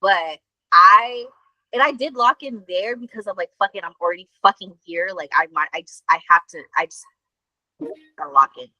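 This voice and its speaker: A woman co-host tells a story in loose, casual chat. Her voice is bright and the sound is dry and close. She talks in an animated way, with lots of fillers and swearing. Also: medium pitch, moderate pace, no echo, dull audio. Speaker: podcast co-host.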